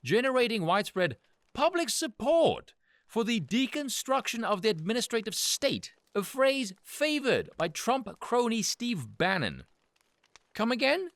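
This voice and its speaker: A man's voice: very high-pitched, very animated, unhurried, a bit bright, no room sound. A man delivering an angry, sarcastic, profane political rant as host of his commentary channel.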